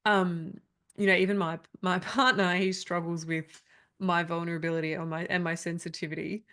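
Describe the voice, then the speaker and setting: A woman's voice: fairly low pitch, flat delivery, moderate pace, fairly bright tone. A woman, leading an online coaching workshop in a candid, chatty way with frequent laughs. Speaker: trauma coach. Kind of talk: live online workshop talk.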